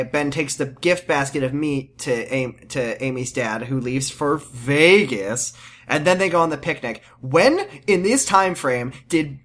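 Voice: mid-range voice, fairly bright tone. A podcast co-host in casual chat recapping a TV episode, sarcastic and giggly, peppering speech with "like" and mocking characters in put-on quotes.

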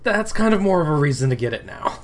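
A man's voice: a little high, very animated, fast. A man chatting casually as a podcast co-host, wry and joking, with the odd curse. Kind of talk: casual fan chat.

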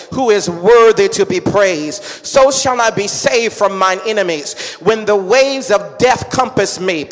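A woman pastor preaching a sermon in a rhythmic style, calling out to the congregation and building to shouts. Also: medium pitch. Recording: echoey hall with long reverb.

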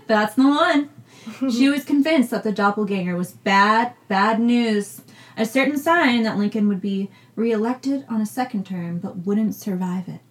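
A woman's voice: fairly high pitch, a little slow. A young woman from New England, co-hosting a podcast, telling a spooky story in a casual, jokey way. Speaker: podcast co-host.

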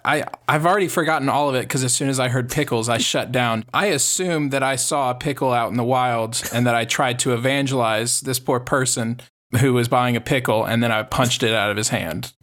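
A man playing a comedy game show, rambling through quick jokes and improvised excuses. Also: medium pitch, fairly bright tone.

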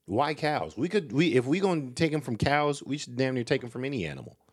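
A man's voice: mid-range voice, big pitch swings, fairly quick, a little mellow, slightly rough. A man co-hosting a casual chat, joking and teasing with lots of profanity.

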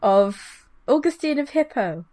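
A woman's voice: high voice, animated, unhurried, warm tone. A woman co-hosting a comedy podcast, silly and mock-grand, with a scratchy throat. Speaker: podcast co-host. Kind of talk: casual comedic chat.

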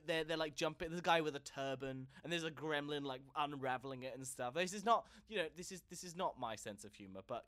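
Man, comedy podcast co-host, somewhat high voice, casual storytelling, stammering repetitions, frequent laughing. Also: a bit bright.

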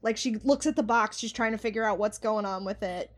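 A woman's voice: mid-range voice, a little fast. A woman co-hosting a podcast, chatting casually about a horror film and retelling its scenes with enthusiasm. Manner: enthusiastic, recounts scenes with quoted lines. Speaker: podcast co-host.

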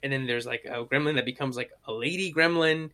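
A young man in casual chat, telling stories in an animated way and acting out the quotes. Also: medium pitch, brisk. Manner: animated storytelling, acts out quotes.

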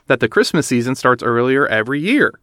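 A man's voice: mid-range voice, very animated, brisk, a bit bright, no echo, studio quality. Storybook mother bear, a man voicing her: worried, sighing, sensible.

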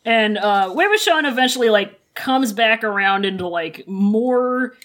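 A woman's voice: fairly high pitch, animated, unhurried, a bit bright. A young woman co-hosting a casual podcast chat, giggly as she retells a story. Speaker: podcast co-host. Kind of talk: casual chat about a book.

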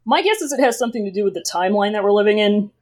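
A woman's voice: medium pitch, animated, very fast, a little mellow. Sarcastic laid-back woman podcaster. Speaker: podcast co-host. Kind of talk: casual chat.

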